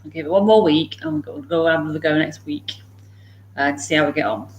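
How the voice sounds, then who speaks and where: Chatty woman with a lowish voice. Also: quick pace, a little hiss or hum. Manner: chatty, laughs often, talks to dogs and viewers. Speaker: livestream host. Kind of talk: casual morning chat. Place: home.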